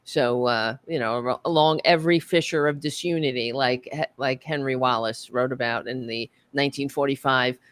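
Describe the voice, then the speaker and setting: A woman's voice: extremely low pitch, fairly even intonation, moderate pace, few pauses. Fired-up woman ranting, swearing. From United States. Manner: impassioned, profane ranting with restarts. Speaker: book club panelist. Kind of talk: podcast discussion.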